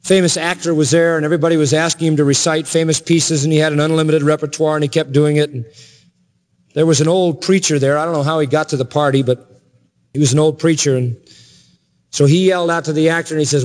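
Preacher man going full sermon mode, highish voice, big echoey church hall, bit of music under it. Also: steady tone, fast. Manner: impassioned, rising to emphatic high peaks. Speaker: pastor. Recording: long hall reverb with faint music.

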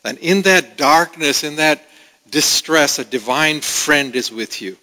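A man preaching a sermon as pastor, earnest and conversational, with halting restarts. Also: fairly high pitch, sharp tone. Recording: long hall reverb.

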